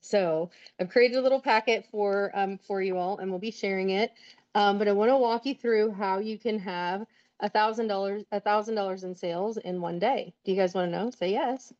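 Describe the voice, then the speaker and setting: A woman's voice: mid-range voice, fairly even intonation, moderate pace, darkish tone. Upbeat woman on dull call audio. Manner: upbeat, explains step by step with fillers. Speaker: sales consultant presenter. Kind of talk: virtual team training talk. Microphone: video call.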